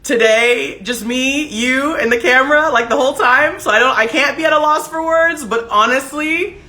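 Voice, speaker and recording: A woman's voice: sits high, moderate pace, sharp tone, roomy sound. A woman hosting her own livestream, talking to viewers in an emotional, tearful, effusive way. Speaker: livestream show host. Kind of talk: solo livestream talk to viewers. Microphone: desk setup with ring light.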